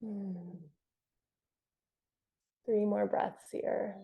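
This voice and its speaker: A young woman leads a yoga class in a calm, encouraging voice. She talks you through each pose and laughs softly now and then. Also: mid-range voice, drawn-out words, gravelly, husky. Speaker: yoga instructor. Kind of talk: guided yoga class instruction.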